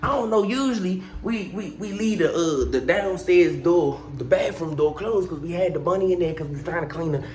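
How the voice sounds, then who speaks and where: A man vlogging about his pets, telling a story in a casual, animated way and swearing constantly. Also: sits high, a little fast, few pauses, slight background noise. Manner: animated, profane, heavy cursing. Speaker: pet owner vlogger.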